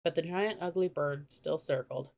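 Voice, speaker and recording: A woman reading a children's storybook aloud in a steady storytelling manner. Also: deep voice, moderate pace, creaky. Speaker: audiobook narrator.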